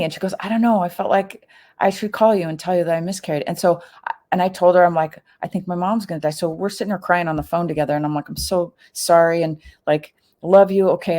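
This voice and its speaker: Woman, middle-aged, lower voice, casual storytelling, lively quoted asides, podcast guest. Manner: animated, many fillers and quoted asides.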